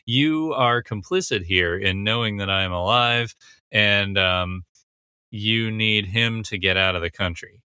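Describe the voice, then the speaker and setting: Bright, dry-voiced man recapping a scene. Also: fairly low pitch, a little slow, clear, resonant tone, dry recording. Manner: analytical, recaps dialogue with frequent fillers. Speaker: commentator breaking down a TV scene. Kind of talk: casual scene-by-scene commentary.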